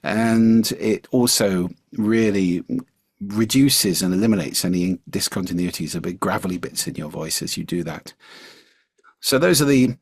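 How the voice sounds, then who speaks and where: Gravelly, husky low-voiced man. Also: moderate pace, no echo, studio quality. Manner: demonstrative, varies pitch widely to illustrate. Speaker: guest speaking coach. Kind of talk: podcast interview.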